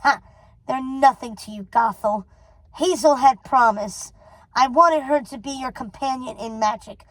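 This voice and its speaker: A woman's voice: sits high, measured pace, fairly bright tone, no room sound, low-quality recording. A woman voicing a cold, possessive old witch mother who speaks with icy scorn, reading a storybook aloud. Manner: icy and scornful, then doting.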